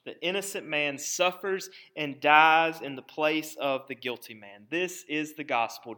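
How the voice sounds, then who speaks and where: A pastor giving a sermon, preaching with emphasis and dramatic pauses, and repeating words as he presses a point. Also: a little high, a bit bright.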